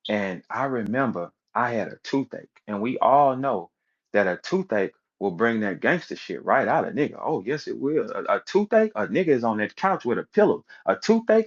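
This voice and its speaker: A man's voice: medium pitch, moderate pace. Man ranting profanely on a lo-fi stream. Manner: profane, animated storytelling, acts out voices of others. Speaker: online audio room speaker. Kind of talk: heated casual rant. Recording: dull lo-fi audio stream.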